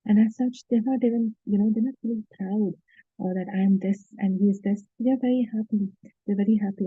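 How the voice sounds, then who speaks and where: A woman's voice: mid-range voice, husky, no echo, dull audio. A woman giving an earnest devotional talk, retelling scripture stories with many fillers and restarts. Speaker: devotional speaker.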